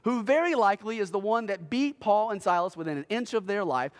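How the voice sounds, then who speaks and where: A man preaching a sermon as a pastor, telling a story dramatically and swinging between loud bursts and hushed lines. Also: high voice, lively intonation, brisk, in a large hall. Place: church sanctuary.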